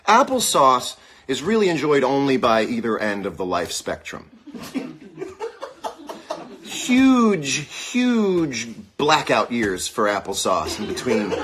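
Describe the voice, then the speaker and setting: A man in his forties hosting a casual live-stream chat, rambling and joking, now and then bursting into yells, with an aching dry socket. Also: medium pitch, noisy background. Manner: rambling, jokey, bursts into yelling. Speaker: show host.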